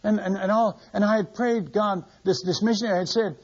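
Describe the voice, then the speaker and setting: An older man preaches by telling a story from his mission work. He repeats words and acts out the voices as he goes. His voice is slightly high and husky, and the recording sounds dull and lo-fi. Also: fairly even intonation, a little fast, hardly any pauses, a little mellow. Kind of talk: storytelling sermon. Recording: muffled lo-fi recording.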